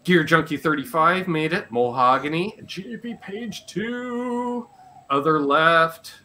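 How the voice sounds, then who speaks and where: A playful Canadian man runs a live chat show and rattles through a roll call of viewer names. His voice sits fairly high and swings all over, with a bright edge. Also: expressive, takes it slowly. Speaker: podcast host.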